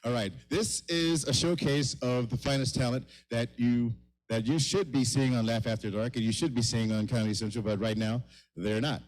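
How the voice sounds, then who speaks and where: A man's voice: medium pitch, steady tone, moderate pace, rough recording. A middle-aged man hosting a live comedy show in a kava lounge, rambling and mocking himself with stumbling restarts.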